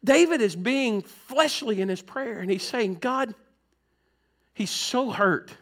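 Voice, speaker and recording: High, bright-voiced male preacher. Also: animated, slow pace. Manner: plain-spoken, conversational preaching with sudden soft and loud swings. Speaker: pastor. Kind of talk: sermon.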